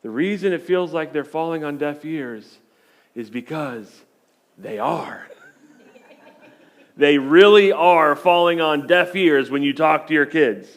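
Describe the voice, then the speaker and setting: A man's voice: a little high, slow pace. A middle-aged man, a pastor, giving a sermon in a church in a conversational, joking storytelling manner.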